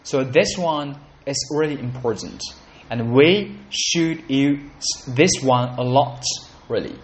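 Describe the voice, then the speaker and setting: A man's voice: medium pitch, slow pace. A man hosting a casual solo podcast, chatting and repeating words as he practices them. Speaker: podcast host learning Italian.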